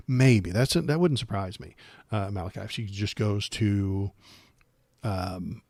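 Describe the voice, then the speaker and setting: Sarcastic low-voiced man rambling on politics. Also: slow, darkish tone, dry recording. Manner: sarcastic, rambling, many fillers and restarts. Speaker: political livestream host. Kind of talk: casual political commentary.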